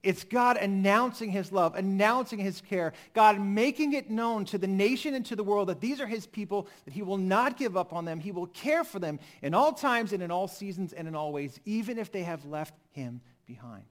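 Male pastor, high voice, expressive preaching with hushed drops. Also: moderate pace, hardly any pauses. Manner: expressive, swings from emphatic to hushed. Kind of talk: sermon.

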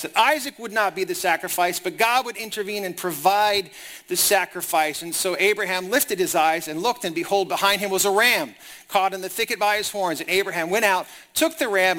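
A man's voice: high voice, pushed and bright. A man preaching a sermon, reading scripture and retelling it in casual, conversational paraphrase. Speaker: pastor.

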